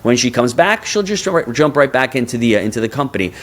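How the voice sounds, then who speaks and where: A man's voice: mid-range voice, very animated, fast talker. A man in his fifties, a guest on a podcast interview, talking energetically and often repeating words as he builds a point. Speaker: guest, real estate investor.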